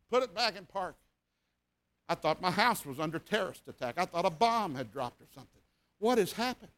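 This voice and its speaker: A man, a revival preacher telling a folksy, animated story in a sermon and acting out sounds and voices. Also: high voice, moderate pace, pauses often.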